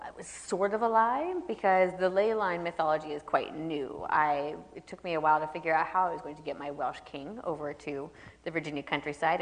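A woman author on a live stage, chatting with self-deprecating laughs and reading aloud from her own novel. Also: deep voice. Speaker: author guest. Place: live stage event in an auditorium. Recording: echoey hall reverb.

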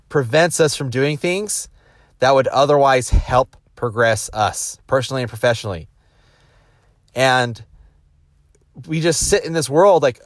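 A business executive tells personal stories in a relaxed motivational talk, animatedly acting out the voices of people he quotes and frequently restarting sentences. His medium-pitched voice is unhurried with frequent pauses, recorded in studio quality with no room sound.

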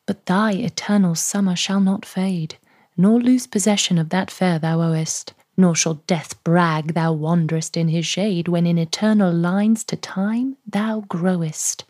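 A woman with a received pronunciation British accent, reading sonnets aloud in a measured, soft manner that lingers on lines. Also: fairly low pitch, steady tone, no echo, studio quality. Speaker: podcast host. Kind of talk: poetry reading.

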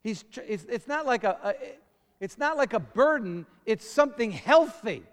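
A man preaching a lively sermon, calling out to the congregation for amens and acting out short scenes as he goes. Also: extremely high pitch, normal speed, in a large hall. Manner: animated, call-and-response preaching. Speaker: pastor.

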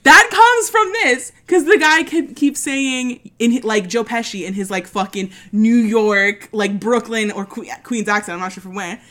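A woman with a slightly high voice talks in a loose, chatty way. She swears a lot and tells stories with big energy. She often slips into put-on voices to act out scenes. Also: moderate pace, hardly any pauses. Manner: animated storytelling, frequent swearing; doing voices while retelling scenes. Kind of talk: casual chat.

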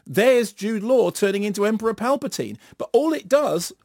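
A middle-aged man giving an animated, sardonic film review in a radio studio, acting out bits in silly voices. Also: high-pitched, normal speed, vocal fry, no echo. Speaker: film critic.

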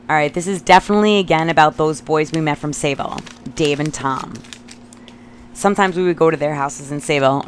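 Podcast host, woman, thirties, slightly low voice, reads old notes aloud, salty and giggly commentary. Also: slight background noise. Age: 30s. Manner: profane, giggly asides.

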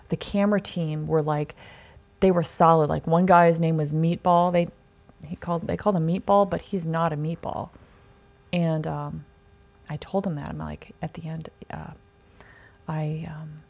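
A woman's voice: fairly low pitch, gravelly, a little mellow. A woman hosting a podcast, telling stories from a film set in a chatty, rambling way, acting out what people said. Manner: chatty, rambling with many asides and acted-out quotes. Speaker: podcast host. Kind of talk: casual storytelling.

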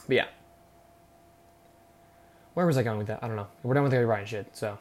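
A man's voice: mid-range voice, a little fast, long pauses, darkish tone. A young man hosting a solo podcast, rambling and swearing, with "okay?" tagged on after his points. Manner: rambling, profane, repeats "okay?". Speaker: podcast host. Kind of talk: casual solo podcast rant.

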